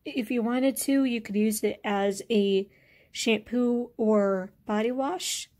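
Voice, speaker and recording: A woman vlogger casually reviewing beauty products, relaxed and hesitant, with many fillers. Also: on the high side, slow pace.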